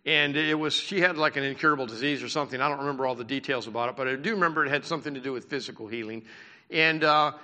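A man's voice: mid-range voice, very fast, bright, forceful tone, big-room sound. A male pastor preaching a sermon in a conversational way, with asides and laughter.

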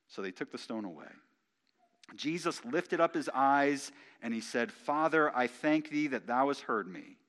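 A man's voice: medium pitch, expressive, a little slow, a bit bright. A man preaching, reading scripture aloud and commenting on it, his voice rising for emphasis. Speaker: pastor. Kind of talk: sermon.

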